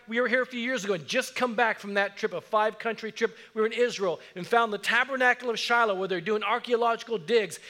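A man's voice: sits high, sharp tone. A middle-aged man preaching a sermon, telling stories earnestly and building to emphatic declarations. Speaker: pastor. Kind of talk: sermon storytelling.

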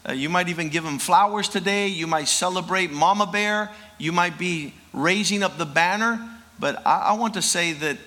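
Slow, bright-voiced preaching man. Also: high-pitched. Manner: preachy, emphatic, drawn-out delivery with repeated words. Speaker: pastor. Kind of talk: sermon with prayer.

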